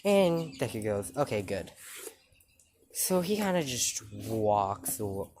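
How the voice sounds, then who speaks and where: Slow, rambling male fan storyteller. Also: on the low side, very animated, darkish tone, a little hiss or hum. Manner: rambling, halting, full of fillers. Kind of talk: casual fan-story retelling.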